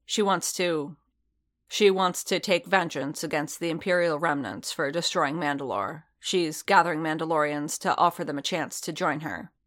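A woman voicing a weary, stubborn male bounty hunter who talks quietly and haltingly. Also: low-pitched. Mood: earnest.

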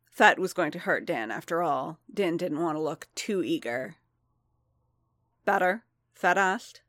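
Woman, story reader, steady narration, lowish voice, dry sound. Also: no room sound. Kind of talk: audiobook-style story reading.

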